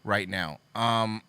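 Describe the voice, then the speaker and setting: A man's voice: on the low side, pushed and bright. A man hosting a political commentary show, reading posts aloud and mocking them with sarcastic, profane asides. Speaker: host.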